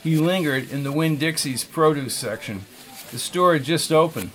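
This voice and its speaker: Steady male audiobook narrator. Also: a little high, moderate pace. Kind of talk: scripted narration.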